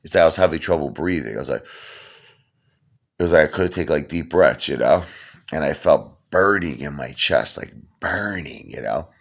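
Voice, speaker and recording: Deep, gravelly male storyteller; rambling, animated comedic anecdote. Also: normal speed. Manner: rambling, animated, repeats himself, laughs at his own story.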